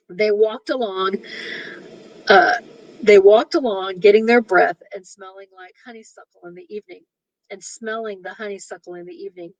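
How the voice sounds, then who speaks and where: A woman's voice: mid-range voice, normal speed, no room sound, poor audio. A woman reading a short story aloud, breaking off for amused asides. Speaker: reader.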